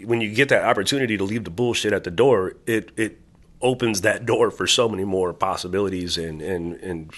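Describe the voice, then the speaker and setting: Fast-talking low-voiced male guest. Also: a bit bright. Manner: easygoing, agreeable, frequent yeahs and mans. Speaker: podcast guest. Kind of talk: casual podcast chat.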